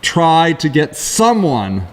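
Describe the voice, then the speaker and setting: A middle-aged man co-hosting a casual talk show, telling rambling stories in quick, lively bursts. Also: fairly high pitch. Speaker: co-host. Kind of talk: casual chat.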